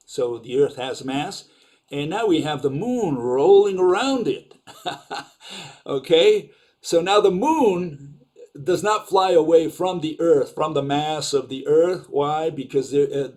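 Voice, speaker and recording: A man's voice: on the high side, darkish tone. A man giving an informal, sarcastic lecture over slides, questioning ideas and using lots of fillers.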